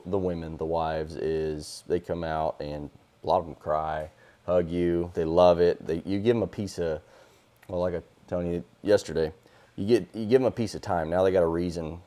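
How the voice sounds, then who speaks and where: A man's voice: low voice, mellow. A man, a hardscaper and water feature builder, telling earnest stories in a casual podcast chat, with many fillers and restarts.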